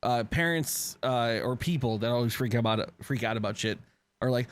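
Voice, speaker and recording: A man's voice: medium pitch, moderate pace, clear, resonant tone, dry recording. Casually swearing man on a podcast. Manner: swears casually, stammers on restarts. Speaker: podcast co-host. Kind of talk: casual chat.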